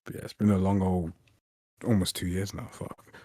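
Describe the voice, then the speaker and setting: A man's voice: deep voice, normal speed, no echo. A young man, a game developer chatting casually on a stream, rambling and swearing as he tells stories. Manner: rambling, swearing, animated retelling. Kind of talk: casual chat.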